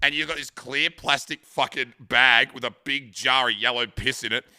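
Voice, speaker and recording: A man's voice: medium pitch, moderate pace, bright, forceful tone, smooth, no echo, studio quality. An Australian man in his thirties, chatting casually with stream viewers and rambling through crude stories, swearing freely. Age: 30s. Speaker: live streamer.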